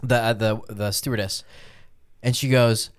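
A man's voice: on the low side, normal speed. A young man co-hosting a podcast, laughing through his stories, swearing a lot and acting out the people he quotes. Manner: laughing storyteller, heavy swearing, animated quoted voices. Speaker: podcast co-host. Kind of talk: casual podcast chat.

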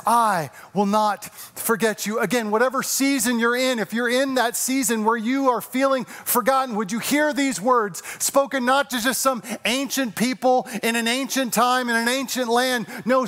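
A middle-aged pastor with a fairly high voice delivers a sermon. He speaks earnestly, easing into slower, quieter phrases to drive his points home. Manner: earnest, slowing and softening for emphasis.

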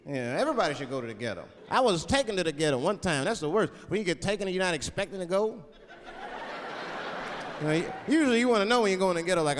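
A man performing stand-up comedy on stage, animated and slipping into voices. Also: sits high, fast, slight background noise. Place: comedy stage before audience. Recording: live hall with loud crowd.

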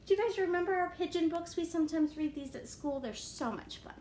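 A woman teacher reading a picture book aloud to children, animated and often asking them questions. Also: extremely high pitch, brisk, slight background noise. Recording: echoey room.

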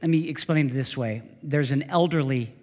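A man's voice: medium pitch, normal speed, a little mellow. A male pastor preaching a sermon, speaking directly to the congregation and often putting questions to them. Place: church sanctuary. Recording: long reverb of a church sanctuary.

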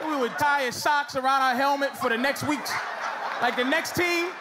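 A middle-aged man doing a stand-up set, loud and teasing as he banters with the audience. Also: very high-pitched, normal speed. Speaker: stand-up comedian. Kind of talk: stand-up set with crowd work. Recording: live club recording with crowd noise. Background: audience laughter.

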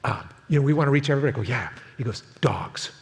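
A man in his sixties preaching a sermon as pastor, telling a story in an animated way and acting out the quotes. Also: mid-range voice, rapid-fire. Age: 60s. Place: church sanctuary. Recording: long hall reverb, faint noise.

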